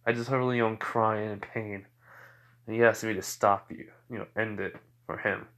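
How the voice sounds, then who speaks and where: Calm cocky teen ninja boy, read by a male narrator in his own voice, low-key and offhand, fan story. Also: normal speed.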